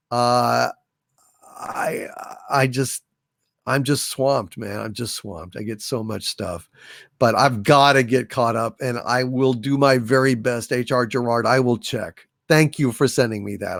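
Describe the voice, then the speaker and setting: A man's voice: medium pitch, measured pace, creaky, no room sound, studio quality. A man hosting a live stream, reading out viewer super chats, playful and self-mocking, a bit tired. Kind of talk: casual live-stream chat.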